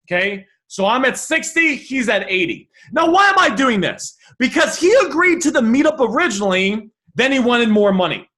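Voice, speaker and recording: A man with a very high, bright voice coaching people on how to haggle. His pitch moves a lot as he walks through each message and thinks aloud, often restarting his sentences. The delivery is lively, like a teacher talking a class through examples. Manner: animated, quick restarts and repeated phrases, thinking aloud. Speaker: negotiation coach.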